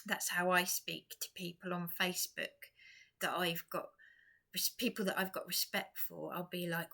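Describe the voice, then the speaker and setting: A woman's voice: fairly low pitch, flat delivery, normal speed, creaky, bright, forceful tone. Exhausted rambling woman vlogger. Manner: rambling, repeats and restarts, drops to whispers. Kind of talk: rambling personal vlog monologue.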